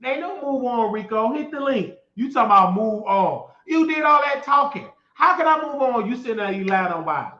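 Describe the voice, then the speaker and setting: Male host, high-pitched and tense, gossip rant, roomy lo-fi sound. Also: animated, brisk, hardly any pauses, bright, forceful tone. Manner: sassy, mocking, repeats phrases for emphasis. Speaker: show host. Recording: echoey room, dull lo-fi sound.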